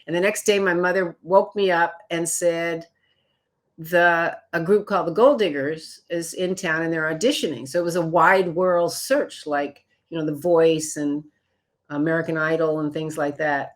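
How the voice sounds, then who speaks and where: Older chicago lady spinning show-biz stories, lowish voice, jumps up high for quotes. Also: normal speed. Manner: animated storyteller, acts out quotes in higher voices. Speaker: guest. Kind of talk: storytelling interview.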